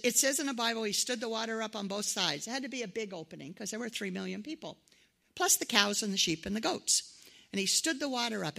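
Gravelly-voiced woman preaching a sermon. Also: medium pitch. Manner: conversational, animated quoted voices. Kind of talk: sermon with personal stories.

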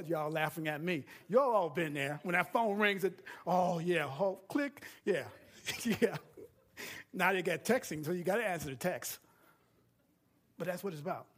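A man preaching a sermon, rising from quiet talk to shouting and asking the congregation to call back answers. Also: sits high, lively intonation, moderate pace, breathy edge. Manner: builds from quiet to shouting, call-and-response questions. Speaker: pastor.

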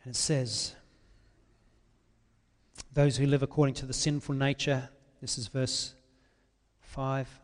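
A man preaching an impassioned sermon, swinging between loud, drawn-out pleas and quiet, confessional asides. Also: medium pitch, flat delivery, big-room sound.

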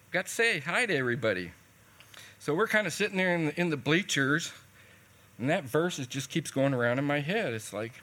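A man's voice: a little high, bright, forceful tone. A man preaching a sermon in a conversational, folksy way, telling a personal story and retelling what people said.

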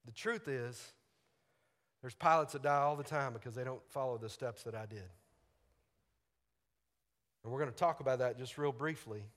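A man's voice: medium pitch, moderate pace, pauses often, a bit bright. A man preaching a sermon, telling a personal story animatedly, acting out radio exchanges and laughing often. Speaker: pastor. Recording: long hall reverb.

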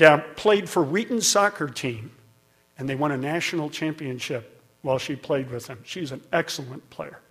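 A man's voice: fairly high pitch, fairly bright tone. A middle-aged man preaching a sermon, telling a story in a conversational way and building to emphatic peaks. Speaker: pastor.

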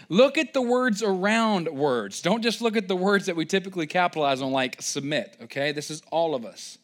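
Animated young man preaching with playful asides. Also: high-pitched. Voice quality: playful, joking asides, acts out quick mock voices. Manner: emphatic, builds to loud excited stretches. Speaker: pastor. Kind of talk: sermon.

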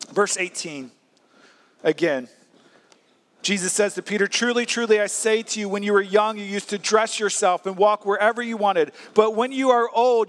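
A man's voice: high-pitched, fairly bright tone, in a large hall. A male pastor preaching a sermon earnestly, acting out quoted lines.

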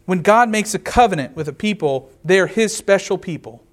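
A man preaching a sermon, reading scripture aloud and explaining it verse by verse, earnest and slowing down to stress key words. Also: sits high, expressive. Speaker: pastor.

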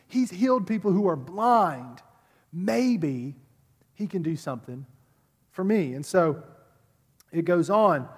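A man with a notably high voice preaches a sermon at a church service, chatty and conversational, doubling back on words as he presses his point. His voice rings out with a long reverb, as if carried through a big hall. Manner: conversational, repeats words while building a point. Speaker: pastor.

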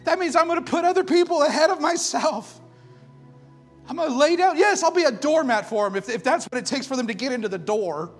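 A man preaching a sermon with passion, firing rhetorical questions and swinging between loud declarations and hushed intensity. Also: very high voice, expressive, a little fast, faint music behind.

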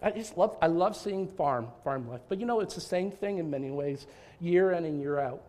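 Animated, high-voiced male pastor preaching. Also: normal speed. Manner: animated, with repeated restarts and rhetorical questions. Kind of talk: sermon.

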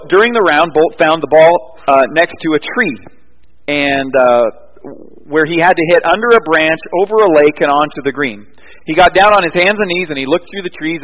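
A man's voice: a little high, animated, fairly quick, fairly bright tone, big-room sound, low-quality recording. A man preaching a sermon as pastor, telling stories in an earnest way and building to emphatic peaks. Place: church.

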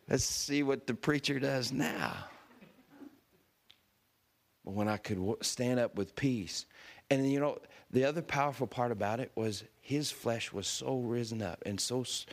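Male preacher in his usual pitch, lively storyteller who laughs and acts out voices. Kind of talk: storytelling sermon.

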